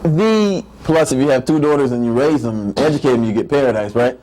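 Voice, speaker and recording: A middle-aged man, an imam, giving a playful, animated faith-based lecture to a live audience, often repeating words as he builds a point. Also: mid-range voice, brisk, rough recording.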